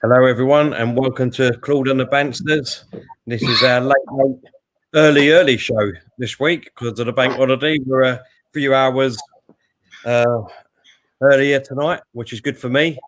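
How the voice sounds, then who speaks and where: A man's voice: mid-range voice, steady tone, moderate pace, dry recording. A man hosting a casual live stream, chatting and greeting viewers by name. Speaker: host.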